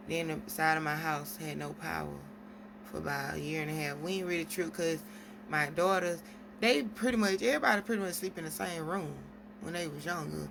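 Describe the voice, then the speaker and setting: A woman's voice: deep voice, vocal fry, noisy background. A woman venting at length in a casual vlog, rambling through stories with quoted exchanges. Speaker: single mom vlogger.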